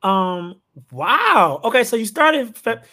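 Man podcast host, high voice, casual chat, eager and quick to interrupt with enthusiasm. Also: fairly bright tone.

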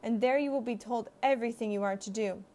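Divine male voice from heaven, woman reader, firm, slightly high. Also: fast talker, dark tone, natural voice. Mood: commanding.

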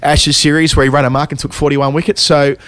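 A man's voice: fairly high pitch, level tone, fast, a bit bright, smooth, no room sound. A man co-hosting a casual cricket chat, thinking aloud and trailing off mid-thought. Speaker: podcast co-host.

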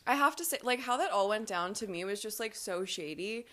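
A woman guest on a casual podcast, chatting about a reality show with a friend. She rambles loosely and peppers nearly every phrase with "like," at a middle pitch for a woman. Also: animated, brisk, fairly bright tone. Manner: rambling, heavy use of "like" fillers.

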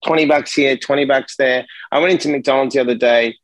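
A man's voice: mid-range voice, brisk, dry recording, poor audio. Middle-aged man, casual podcast guest, emphatic and swearing, dry close sound. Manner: emphatic, profane, animated storytelling.

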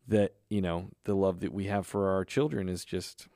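A man's voice: deep voice, flat delivery, moderate pace, mellow, no room sound. A man co-hosting a casual podcast, telling stories in a chatty way and laughing often. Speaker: podcast co-host. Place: California.

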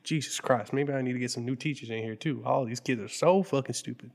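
A man's voice: mid-range voice, fast talker, creaky, natural voice. A man playing an exasperated, foul-mouthed school principal in a comedy sketch read among friends. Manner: exasperated, swearing, deadpan.

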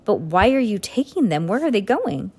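A woman's voice: medium pitch, sing-song, moderate pace, a little mellow, slightly rough. A woman voicing Klaus, an earnest young orphan boy who presses with questions. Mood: pressing.

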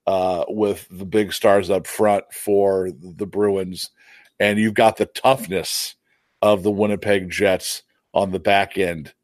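A man's voice: fairly low pitch, no echo. A man co-hosting a sports podcast, making earnest, analytical points with some stammering. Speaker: podcast co-host. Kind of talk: casual sports podcast chat.

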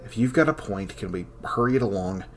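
A man's voice: on the low side, animated, fairly quick, a little hiss or hum, lightly acted. An actor playing a weary, sarcastic male scholar who works alone in an archive, talking with a dry, irritable edge. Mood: irritated. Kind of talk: audio drama acting.

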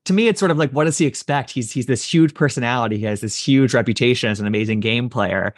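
A man's voice: mid-range voice, fast, no echo, clean studio sound. A man hosting an interview, asking questions in a friendly, chatty way. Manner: friendly, chatty, frequent restarts. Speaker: interviewer host. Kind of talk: casual interview.

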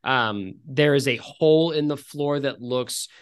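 Male game master, slow and halting narration, mid-range voice. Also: mid-range voice, clear, resonant tone. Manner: drawn-out, halting narration, swearing when flustered. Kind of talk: narrating a tabletop game over a voice call.

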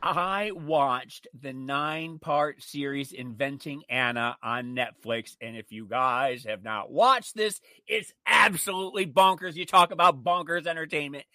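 A man co-hosting a casual chat, telling stories in an animated, emphatic way. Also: on the high side, measured pace, hardly any pauses, dry recording. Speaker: co-host.

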